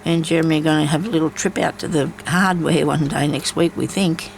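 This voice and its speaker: A woman's voice: low voice, fairly even intonation, brisk, vocal fry, slight background noise, low-quality recording. A woman chats casually while she embroiders, rambling from story to story with many asides. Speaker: craft vlogger.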